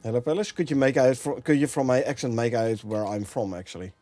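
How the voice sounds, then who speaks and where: A man's voice: mid-range voice, steady tone, fast talker, warm tone, no room sound. A man from the Netherlands with a Dutch accent, streaming a game and chatting with viewers, thinking aloud and laughing often. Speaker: gameplay streamer. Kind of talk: casual live-stream commentary.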